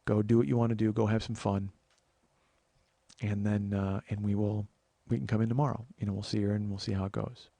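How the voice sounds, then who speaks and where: A man's voice: fairly low pitch, level tone, brisk, gravelly, dark tone, no echo. A man hosting a podcast, telling a personal story in a profane, emphatic way with frequent restarts. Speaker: podcast host.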